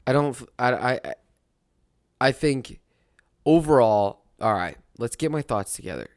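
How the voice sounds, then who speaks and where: A man's voice: mid-range voice, animated, normal speed, pauses often, no echo, studio quality. A young adult man hosting a casual sports talk monologue, rambling and rueful, laughing at his own misery. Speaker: podcast host.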